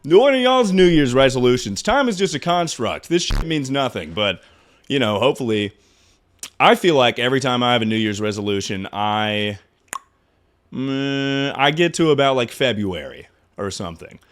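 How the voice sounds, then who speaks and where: A man in his twenties chatting casually to his livestream audience, out of breath, loud and excitable, swearing freely. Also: medium pitch, moderate pace. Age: 20s. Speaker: streamer.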